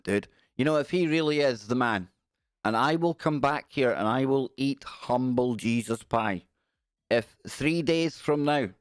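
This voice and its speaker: A man's voice: mid-range voice, dry recording, clean studio sound. A man hosting a casual livestream, joking wryly and reading news passages aloud. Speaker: livestream host. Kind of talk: casual live-stream commentary.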